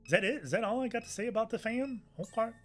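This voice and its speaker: A man's voice: very high-pitched, quick pace, soft background music. A man playing a point-and-click game, reading its dialogue aloud and chatting about what happens. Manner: reads all the characters' lines aloud with little change of voice. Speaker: let's play gamer.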